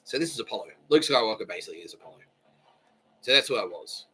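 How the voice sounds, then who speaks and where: A man's voice: fairly low pitch, expressive, fast talker, pushed and bright, breathy edge, low-quality recording. A young man hosting a podcast, talking in a rambling, profane, self-mocking way. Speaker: podcast host. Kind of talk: casual solo monologue.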